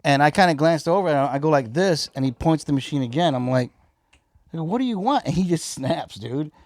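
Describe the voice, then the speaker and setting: A man with a Chicago accent telling a profane work story in a casual, animated way and acting out both sides. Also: fairly high pitch, a little fast, no echo. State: high. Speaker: comedian guest.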